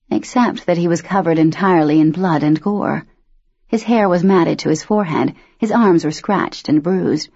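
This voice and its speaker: A woman with a husky, low-pitched voice narrates a novel aloud as an audiobook narrator, steady and measured in her scripted reading. The recording is dull, dry and lo-fi, with no room sound.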